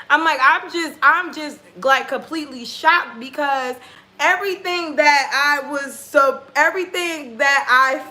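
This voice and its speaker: A woman tarot reader telling a personal story in a casual vlog, animated and profane, acting out what people said. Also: high voice, measured pace.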